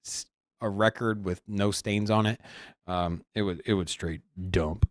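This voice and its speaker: A man's voice: on the low side, a little slow, no room sound, clean studio sound. A man co-hosting a casual crypto news show, talking animatedly with frequent restarts. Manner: animated, restarts often, greets the chat loudly. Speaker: co-host.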